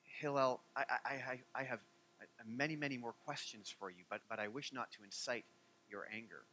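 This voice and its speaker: A man voicing a brash, rude adult man who wants to win a bet, speaking loudly and impatiently. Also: medium pitch, normal speed, a little hiss or hum, natural voice, low-quality recording.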